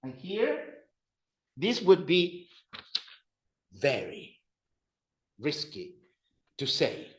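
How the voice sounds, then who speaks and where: Animated man teaching a class. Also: medium pitch, slow, long pauses, echoey room. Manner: animated and playful, with repeated phrases and asides to students. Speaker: Spanish teacher. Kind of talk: classroom grammar lesson.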